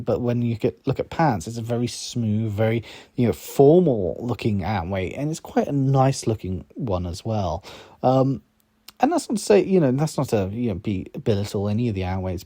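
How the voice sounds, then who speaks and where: A man giving casual, rambling commentary as he ranks robots, often pausing with ums and restarting sentences, a little sleepy. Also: fairly low pitch, mellow, dry recording. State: sleepy, yawning. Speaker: YouTube host ranking robots. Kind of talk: casual tier-list commentary.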